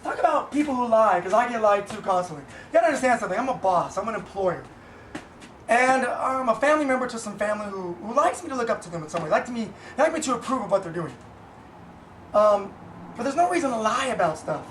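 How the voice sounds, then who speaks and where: A man's voice: high-pitched, expressive, fast, fairly bright tone, recorded from a distance, a little hiss or hum. A man venting bluntly and profanely in a casual rambling monologue, recorded in an echoey room away from the mic. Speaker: vlogger, business owner. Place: Boise, Idaho.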